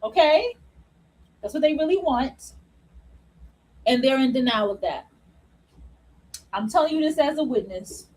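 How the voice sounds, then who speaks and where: A woman with a high, bright voice delivers an unscripted opinion monologue as a host. She is blunt and profane, laughs at her own points and repeats phrases to hammer them home. She slows down and draws words out when she wants them to land. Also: expressive, rough recording. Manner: repeats phrases for emphasis, drawing words out slowly.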